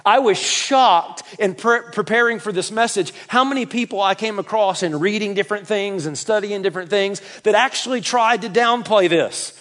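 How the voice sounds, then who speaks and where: Male pastor, Southern US accent, high-pitched, emphatic sermon delivery with playful asides. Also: moderate pace, hardly any pauses. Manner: emphatic, jokey, swings between loud and soft.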